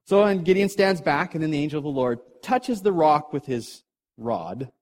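Middle-aged male preacher, slightly high voice, casual and jokey, acts out characters for a live audience. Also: expressive, normal speed, darkish tone. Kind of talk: casual sermon storytelling.

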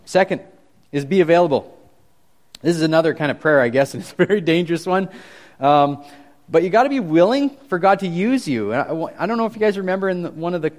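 A young man giving a casual, animated youth sermon, talking conversationally with frequent restarts. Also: on the high side. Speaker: youth pastor.

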